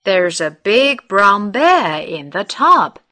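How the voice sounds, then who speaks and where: A woman voicing a young, imaginative boy in a children's storybook, read slowly and clearly. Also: medium pitch, big pitch swings, sharp tone, exaggerated voice. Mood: insistent.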